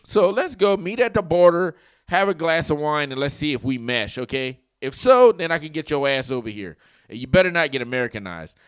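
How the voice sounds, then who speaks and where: A brash man riffs through a reaction video with crude jokes, his voice swinging up and down with lots of energy. The pitch sits a little high for a man, and the sound is dry and close. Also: animated, fairly quick, clear, resonant tone, no room sound. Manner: brash, joking, crude, rambling. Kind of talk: casual reaction commentary.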